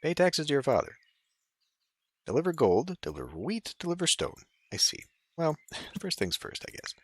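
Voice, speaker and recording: A man's voice: on the high side, wildly swooping pitch, normal speed, slightly rough. A man giving casual gameplay commentary as a let's play host, chatty and thinking aloud.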